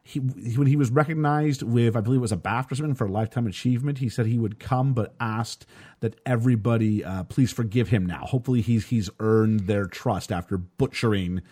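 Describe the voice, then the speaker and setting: A North American man hosting a casual film podcast, chatty and quick to laugh. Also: medium pitch, breathy edge. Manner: chatty, animated, laughs often. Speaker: podcast host.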